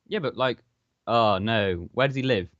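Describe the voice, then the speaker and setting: A man's voice: medium pitch, moderate pace, a bit bright, no room sound. A man co-hosting a casual podcast, sardonic and sweary, acting out little quotes as he talks. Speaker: podcast co-host. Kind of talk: casual chat. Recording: dull lo-fi mic.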